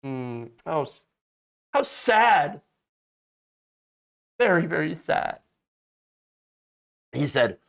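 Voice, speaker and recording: A man's voice: on the high side, very animated, drawn-out words, vocal fry, pauses often, fairly bright tone. A man hosting casual political commentary, sarcastic and mocking, often restarting and stammering mid-sentence.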